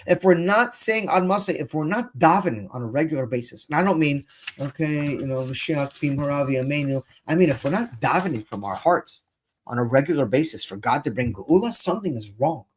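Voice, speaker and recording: A man's voice: on the high side, expressive, brisk, slight background noise. A man teaching Chassidus in English with Hebrew and Yiddish phrases mixed in, speaking with impassioned indignation. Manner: impassioned, rising to near-shouting indignation. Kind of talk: Torah lecture.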